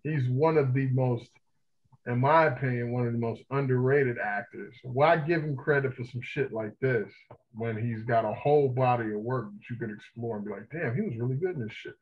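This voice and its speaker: A man co-hosting a podcast, talking casually and profanely with lively enthusiasm. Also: mid-range voice, normal speed, muffled recording. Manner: animated, profane, enthusiastic film talk. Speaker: podcast co-host. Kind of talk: casual chat.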